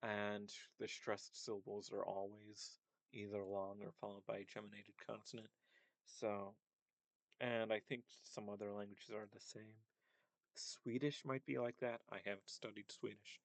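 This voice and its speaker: Guy explaining vowels in a casual lesson, lots of ums, kinda low voice, dry little room. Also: little pitch movement, moderate pace, no room sound, poor audio. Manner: hesitant, thinking aloud with many ums. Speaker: language teacher. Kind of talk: casual screen-share lesson.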